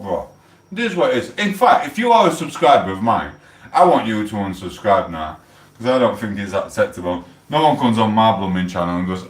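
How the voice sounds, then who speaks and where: A man's voice: fairly low pitch, very animated, normal speed, roomy sound, recorded from a distance. A middle-aged man from England with a South Yorkshire accent, chatting on a livestream in a blunt, swearing, mock-outraged way. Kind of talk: casual livestream chat.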